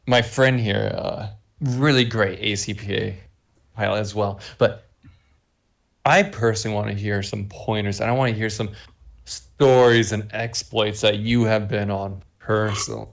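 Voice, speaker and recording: A man's voice: lowish voice, steady tone, measured pace, vocal fry. A man playing a character in a tabletop game, hesitant and often laughing as he speaks. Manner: hesitant, giggly. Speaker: player. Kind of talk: in-character tabletop role-play.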